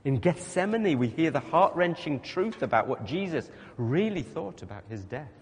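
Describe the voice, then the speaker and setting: Male preacher, lively sermon delivery, big echo of a hall. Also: on the high side, normal speed, a little hiss or hum. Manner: emphatic, animated, rhetorical questions to the congregation. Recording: long reverb of a large hall.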